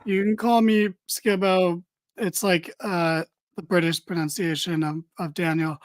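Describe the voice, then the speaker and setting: A man's voice: sits high, fairly even intonation, a little slow, no echo. A tired man co-hosting a casual wrestling podcast, rambling with dry, mock-serious humor. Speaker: podcast co-host.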